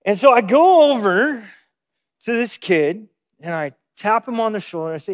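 A man's voice: high voice, very animated, normal speed. A man preaching a sermon, opening with a storytelling anecdote and acting out the lines of the people in it. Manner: storytelling with acted-out quotes. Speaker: pastor.

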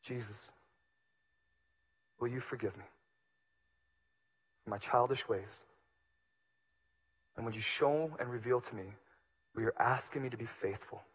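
A man preaching a sermon as pastor, moving between hushed, low passages and loud, emphatic ones. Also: unhurried, pauses often, husky.

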